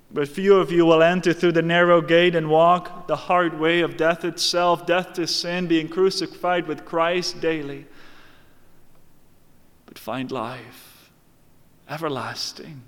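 A man preaching a sermon, slow and emphatic, swinging from hushed lines to raised ones. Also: fairly high pitch. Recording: long hall reverb.

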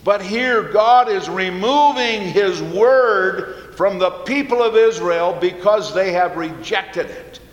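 A man preaching a sermon, earnest and slow, repeating key phrases for emphasis. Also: high-pitched, lo-fi sound. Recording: echoey hall with long reverb.

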